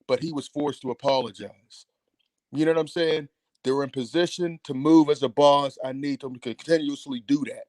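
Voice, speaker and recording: A man's voice: on the high side, steady tone, moderate pace, darkish tone, no room sound. Heated profane male caller. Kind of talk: call-in radio rant.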